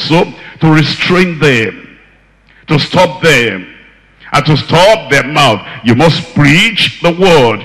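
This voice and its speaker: A man's voice: on the high side, a bit bright, in a large hall, poor audio. A man preaching a sermon, with an emphatic, repetitive cadence.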